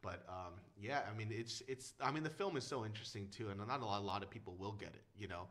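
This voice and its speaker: A man who is a guest filmmaker in a casual podcast chat, talking in a fast, rambling, emphatic way with lots of fillers. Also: on the low side, fairly bright tone.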